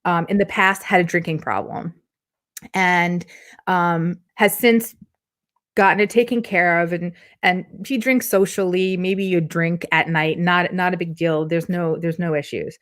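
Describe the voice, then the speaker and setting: Animated woman relationship coach. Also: lowish voice, a little slow. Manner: animated, acts out quoted clients in different voices. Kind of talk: conversational interview answer.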